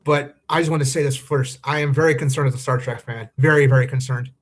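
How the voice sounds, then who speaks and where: Talking fast in a medium-pitched voice with fairly even intonation, a man hosts a live fan podcast. His streamed commentary monologue is earnest and anxious, full of ums and restarts.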